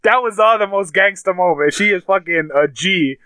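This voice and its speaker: A man chatting casually, retelling TV scenes with animated, crude language. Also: high voice, normal speed, smooth, no room sound. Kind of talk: casual chat.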